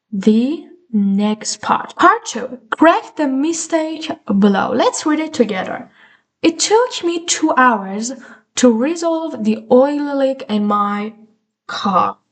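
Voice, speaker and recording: A young adult woman teaching an English grammar lesson online, patiently explaining words with repeated examples. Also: high-pitched.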